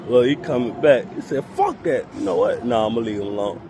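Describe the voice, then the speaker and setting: A man's voice: lowish voice, quick pace, slight background noise. A man chatting casually in a vlog, narrating what birds around him are doing in comic asides. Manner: animated, voices the birds' thoughts in comic asides. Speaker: vlogger.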